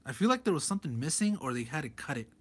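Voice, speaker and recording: A man's voice: a little high, sing-song, rapid-fire, breathy edge. A man reviewing a comic book page by page in a loose, rambling way, chuckling often as he talks. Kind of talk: casual comic commentary.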